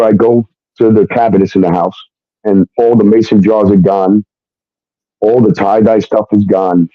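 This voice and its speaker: A man's voice: on the low side, normal speed, no room sound. A man telling a personal story in a casual, emphatic way, often swearing and tagging sentences with "okay?". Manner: emphatic, profane, keeps adding "okay?". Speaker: guest. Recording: dull, dry lo-fi sound.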